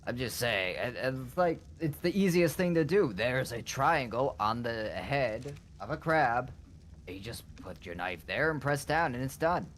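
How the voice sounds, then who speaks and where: A man's voice: mid-range voice, animated, a little slow, a bit bright, a little hiss or hum. A man casually chatting with his partner while they play a game together, blunt and swearing casually. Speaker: co-op gaming partner. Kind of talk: casual chat during a game stream.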